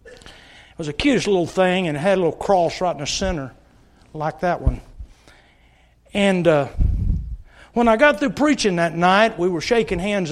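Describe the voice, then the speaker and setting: A middle-aged man preaching a sermon at a church service, telling stories and pleading earnestly with the congregation. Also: high voice. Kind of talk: sermon with altar call.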